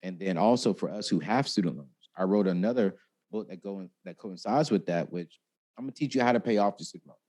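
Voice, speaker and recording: A man in an interview, a personal finance expert telling stories expressively, acting out quotes and talking freely. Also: fast. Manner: expressive, acts out quotes with big pitch jumps, talkative. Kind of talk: animated interview storytelling.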